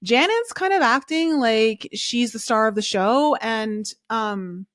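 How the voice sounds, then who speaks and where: A woman's voice: a little high, expressive, slow pace, dry recording, clean studio sound. A woman hosting a podcast, giving a casual, opinionated recap of a reality show, talking chattily with lots of fillers. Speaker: podcast host.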